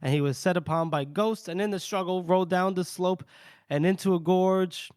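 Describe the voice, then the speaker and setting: Male podcast co-host, casual recap, lightly higher voice, laughs often, drops into character lines. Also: steady tone, a little mellow, clean tone, no room sound, studio quality. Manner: retells scenes with quick put-on character lines and laughs. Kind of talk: casual chat recapping a book.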